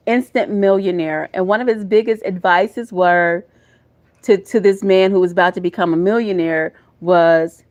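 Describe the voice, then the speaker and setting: A woman's voice: mid-range voice, darkish tone. A woman with a Southern US accent doing a live tarot reading. She talks to her viewers in a folksy, emotional way and calls them y'all and baby. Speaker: tarot reader.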